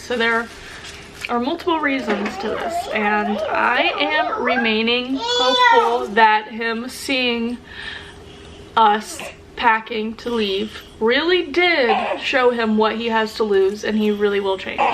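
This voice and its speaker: A woman's voice: on the high side, very noisy. A young woman vlogger talking earnestly and emotionally to camera, often restarting her sentences. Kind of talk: casual sit-down talk to camera.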